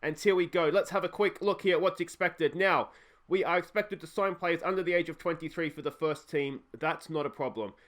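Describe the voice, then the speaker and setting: A man's voice: a little high, brisk, fairly bright tone. A man hosting a casual gaming video, chatty and self-mocking, with lots of fillers. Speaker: let's play host. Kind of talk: gaming commentary with playful role-play.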